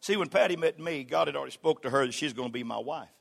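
An older man preaching a sermon as a pastor. He is folksy and humorous, and he swings from shouted exhortation to quiet storytelling. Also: a little high, fast, vocal fry.

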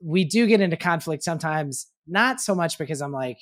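A man co-hosting a casual parenting podcast, thinking out loud in a reflective way and swearing freely. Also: on the high side, animated, a little fast. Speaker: podcast co-host.

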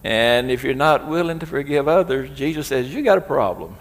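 A man's voice: mid-range voice, animated, a little fast. Preaching man in a reverberant hall. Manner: preaching with rising emphasis and quoted scripture. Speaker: pastor. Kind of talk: sermon.

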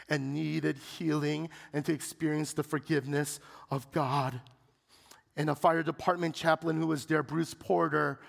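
A man's voice: mid-range voice, gravelly, long reverb tail. A man preaching a sermon, telling a story dramatically and building to impassioned peaks.

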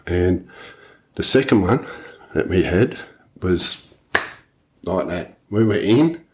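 Man, very low voice, swears constantly, blunt casual storyteller. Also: slow. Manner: blunt, heavy swearing, animated retelling. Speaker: podcast co-host.

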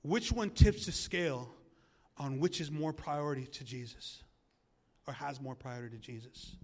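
A male pastor preaching a sermon in a church, animated and jokey, asking the congregation questions. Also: medium pitch, moderate pace.

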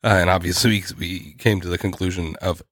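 A low-pitched man co-hosting a podcast in loose, casual chat. He trips over his words, restarts sentences and slips in small laughs as he goes. The close mic sounds dry, with no room around it. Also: steady tone, fairly bright tone, dry recording. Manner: halting, restarts often, laughs mid-sentence. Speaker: podcast co-host.

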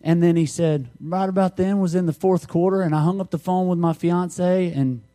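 A man's voice: sits high, steady tone, moderate pace, mellow. A middle-aged man, preaching a conversational sermon through folksy stories and jokes. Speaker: pastor.

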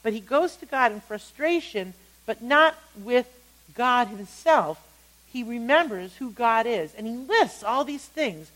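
A woman teaching a Bible study, retelling scripture stories with animated storytelling and acted-out quotes. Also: on the high side, unhurried, rough recording.

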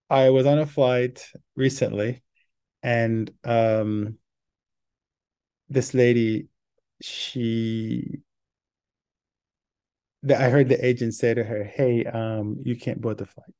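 A man hosts a casual solo podcast, rambling with many fillers and restarts while acting out the voices of people in his anecdote. His mid-range voice is steady and dark in tone, slow, with long pauses.

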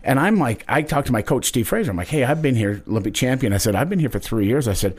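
A man's voice: mid-range voice, quick pace, slightly rough. A man in his fifties from Wyoming, a guest in an interview, telling a story earnestly and acting out the quotes. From Wyoming, United States. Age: 50s. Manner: earnest, animated retelling with acted quotes. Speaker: guest, Olympic wrestler.

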